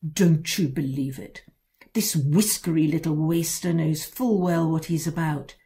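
A woman reading a storybook, voicing a furious, grumpy father who snarls his words slowly. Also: sits low, mellow. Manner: snarling, slow and heavy.

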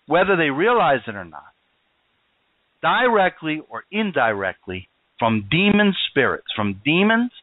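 A man's voice: fairly high pitch, no echo, narrow, tinny audio. A man preaching a sermon with emphatic, rising and falling delivery.

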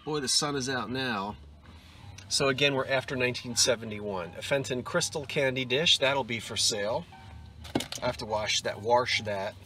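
A middle-aged man chats through a casual vlog, his voice bright and forceful at an average pitch. He gasps and exclaims over his finds, then settles into a chatty walk-through of each piece. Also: normal speed, slight background noise. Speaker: antiques and vintage reseller. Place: in a car and a thrift store.

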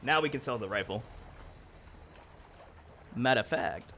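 A man's voice: mid-range voice, animated, slow pace, a bit bright, slight background noise. A man streaming a video game, talking to his chat in a rambling, profane way, heated and then apologetic. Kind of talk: live-stream chat while gaming.

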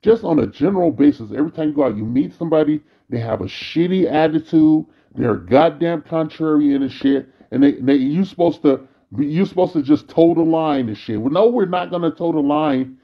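A man rants into the camera in a bitter, worn-out monologue that is thick with cursing. His voice is gravelly and husky. The recording sounds dull and lo-fi. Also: a little high, brisk, hardly any pauses. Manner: bitter, weary ranting, frequent cursing. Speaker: vlogger. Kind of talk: angry profane monologue.

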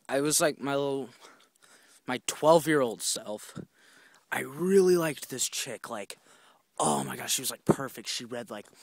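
Young man rambling on a walk, lively pitch. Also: no room sound. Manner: rambling, swears often, acts out quotes. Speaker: vlogger. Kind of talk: casual storytelling on a walk. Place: outdoors on a walk.

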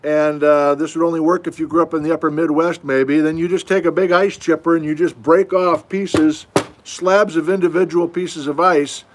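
A man's voice: a little high, fairly even intonation, normal speed, a little hiss or hum. A middle-aged man teaching geology in a casual livestream from home, answering viewer questions with folksy, self-deprecating asides. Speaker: geology instructor hosting a livestream. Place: at home, indoors.

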